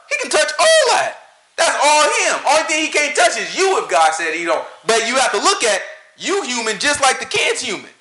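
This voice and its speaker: Lively joking guy, voice bouncing all over, echoey room. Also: very high voice. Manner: animated, joking, laughs often. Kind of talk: casual opinion talk.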